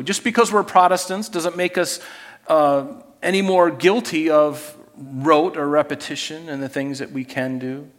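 A man preaching a sermon as pastor, animated and acting out scripture scenes with put-on voices, in a church sanctuary. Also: on the high side, big-room sound.

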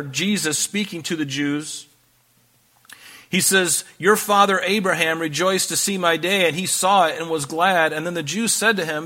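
A man's voice: fairly high pitch, sharp tone. A man preaching a sermon, reading scripture aloud and breaking off into conversational asides. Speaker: pastor.

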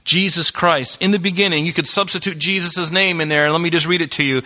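In a church hall before a live audience, a male pastor preaches with a fairly high, steady, sharp voice, moving quickly with hardly any pauses. Earnest and instructive, he quotes scripture and unpacks Greek words.

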